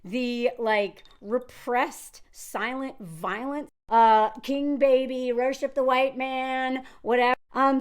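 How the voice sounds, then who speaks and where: Animated woman, high-ish voice. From Nashville, Tennessee, US. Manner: animated, laughs often, restarts sentences. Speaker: video commentator. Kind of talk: casual commentary to camera.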